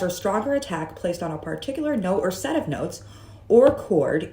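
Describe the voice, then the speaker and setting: A woman's voice: mid-range voice, darkish tone. A woman vlogging in a chatty, musing way, with jokey asides, talking from her room. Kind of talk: casual vlog monologue. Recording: roomy echo.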